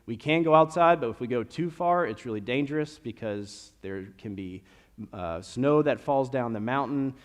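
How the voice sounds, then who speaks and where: A young man from Kentucky, his slight accent audible, preaches a conversational sermon packed with stories, his mid-range voice at a moderate pace. His storytelling has animated rises, and the church hall gives a long reverb.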